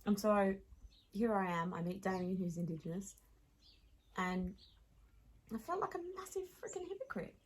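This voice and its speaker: A woman with an Australian accent, a podcast guest telling stories in casual chat, animated, laughing often and restarting sentences. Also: mid-range voice, moderate pace, long pauses, husky, poor audio.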